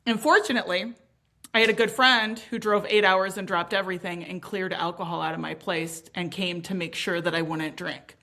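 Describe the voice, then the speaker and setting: A woman in her thirties, a podcast guest, telling her own story candidly in an emphatic, animated way and swearing casually. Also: medium pitch, brisk.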